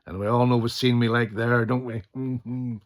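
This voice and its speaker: A middle-aged man, enthusiastically chatting about favourite films and swearing casually, often trailing off into quieter asides. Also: mid-range voice, flat delivery, moderate pace. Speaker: channel host. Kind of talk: casual film collection chat.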